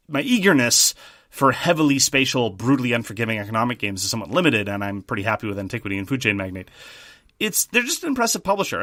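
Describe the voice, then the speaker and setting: A man co-hosting a podcast, chatting casually about board games in a thoughtful, measured way with frequent restarts. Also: lowish voice, sharp tone, dry recording, studio quality. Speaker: podcast co-host.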